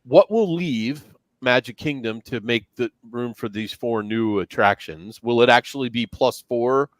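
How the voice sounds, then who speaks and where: A man's voice: mid-range voice, measured pace, dry recording. A man co-hosting a casual podcast chat, asking pointed questions. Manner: inquisitive, lively, presses with questions. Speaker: podcast co-host.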